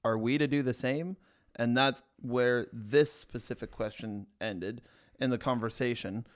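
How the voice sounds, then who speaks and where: A man's voice: mid-range voice, unhurried. A man co-hosting a faith podcast, joking easily and reading out listener questions. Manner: easygoing, jokey, reads listener questions aloud. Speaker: podcast co-host. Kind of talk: casual chat.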